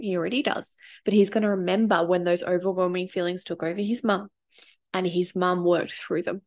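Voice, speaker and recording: A woman in her thirties, a parenting coach, shares personal stories in a casual, candid storytelling vlog, swearing freely and getting emotional. Her voice is lowish and steady in tone, and she speaks briskly.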